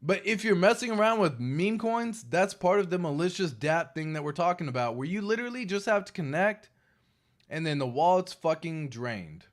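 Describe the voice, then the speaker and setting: A fired-up man hosting a crypto livestream with a fairly high voice. He swears freely and hammers his points home by repeating them. Between warnings he drifts into loose, chatty asides to the chat. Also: moderate pace. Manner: emphatic and animated, swears freely; cautionary, repeats points for stress. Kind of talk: casual livestream talk, reading chat.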